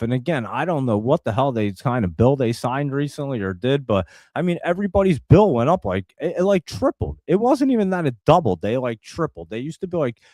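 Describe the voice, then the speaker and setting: Animated chatty man with a dry sound. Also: medium pitch, dry recording. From New Jersey. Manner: rambling, exasperated, chatty with viewers. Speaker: stock market show host. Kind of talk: casual live stream commentary.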